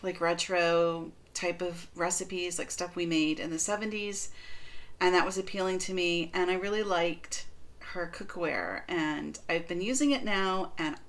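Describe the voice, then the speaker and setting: Woman, middle-aged, northern US, lowish voice, chatty, rambling, baking video. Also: unhurried. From northern United States. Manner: chatty, rambling, many fillers. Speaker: baking vlogger. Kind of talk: casual kitchen demo and review.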